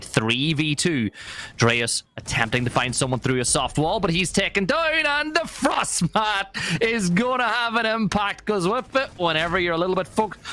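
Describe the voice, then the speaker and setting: A man with an Irish accent calling live esports play-by-play in a brisk, conversational way. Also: on the high side, bright, forceful tone. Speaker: esports caster.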